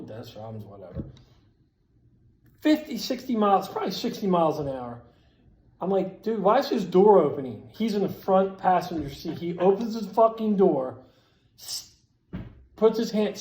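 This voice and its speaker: A man tells a story in a loose, animated way, swearing often and acting out the lines of the people in it. His voice sits a little high. The sound echoes around the room he is in. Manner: animated, profane, acts out quotes loudly. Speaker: storyteller at a skate event. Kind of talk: casual storytelling.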